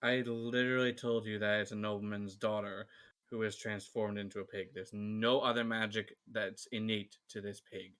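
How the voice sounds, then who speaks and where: A man's voice: lowish voice, flat delivery, normal speed, fairly bright tone, smooth. A man taking part as a player, explaining his moves methodically. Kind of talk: casual tabletop play.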